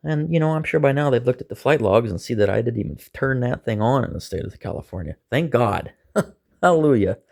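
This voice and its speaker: Casting: gravelly, raspy man, lively pitch, loose conversational storyteller. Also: fairly quick. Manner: animated, acts out quoted voices, chuckles. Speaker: storyteller recounting an arrest. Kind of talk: casual storytelling monologue.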